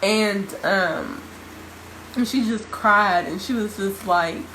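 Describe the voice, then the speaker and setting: A woman's voice: medium pitch, slow, a bit bright, a little hiss or hum, poor audio. A young adult woman vlogging, telling a personal story straight to her viewers in a casual, emphatic way and repeating phrases for stress. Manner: addresses viewers informally.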